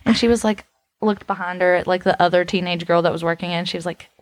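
A woman's voice: on the low side, fairly even intonation, fast, no echo. A woman co-hosting a casual podcast with friends, telling rambling stories full of "like" and "literally". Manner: rambling storyteller, says "like" and "literally" often. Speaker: podcast co-host. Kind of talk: casual chat among friends.

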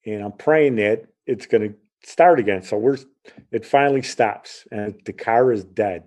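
A man's voice: fairly low pitch, unhurried. A middle-aged man from Chicago telling a personal story in a casual way, acting out the voices of the people in it. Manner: animated, acts out the voices in his story.

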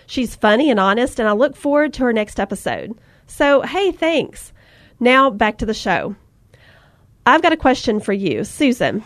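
A woman's voice: a little high, sing-song, normal speed, dry recording. A woman hosting a faith-based podcast, chatting and speaking encouragement with emotion. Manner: warm, emotional, preaching encouragement. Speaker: podcast host.

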